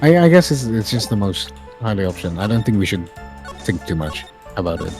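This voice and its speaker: A man co-hosting a game playthrough who talks in a casual, hesitant and mumbling way. His pitch wanders freely, and faint game music plays behind him. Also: sing-song, brisk. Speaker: let's play co-host. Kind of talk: casual gaming chat.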